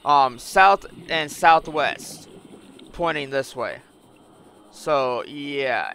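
A man's voice: sits high, creaky, sharp tone, dry recording. A young man giving casual gameplay commentary, thinking aloud, getting frustrated and swearing often. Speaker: gaming YouTuber.

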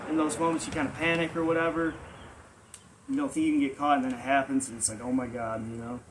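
A man's voice: on the high side, little pitch movement, quick pace, noisy background. A man telling a personal story in a casual, rambling way full of filler words, as the host of his own channel. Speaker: vlog storyteller.

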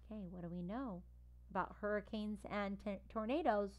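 A woman teacher reading a children's novel aloud in a conversational way, pausing to give the class instructions. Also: medium pitch, a little mellow.

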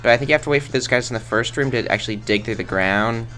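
A man's voice: mid-range voice, quick pace, sharp tone, faint music behind. A man rambling through casual game commentary in a goofy, self-mocking way, tossing in silly sound effects. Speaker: let's play host.

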